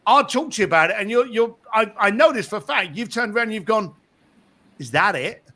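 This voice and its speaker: A man being interviewed about his book tells stories with a bright, sharp edge to his voice. He sits fairly high and swings his pitch widely. He slips into impressions of the people he describes. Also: animated, fast. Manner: acts out other people's voices while telling anecdotes. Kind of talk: animated storytelling in conversation.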